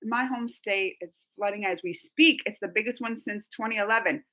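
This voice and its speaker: A woman's voice: mid-range voice, brisk, sharp tone. A young woman hosting a casual live stream, chatting and giggling as she reads out viewer comments. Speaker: reaction channel host.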